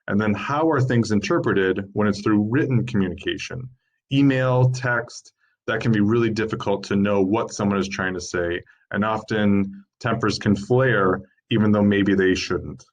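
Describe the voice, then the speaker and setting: A man in his thirties with a fairly low voice leads a community lunchtime workshop. He explains each point steadily and works through lists item by item, reading from slides in an informal lecture. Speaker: workshop presenter.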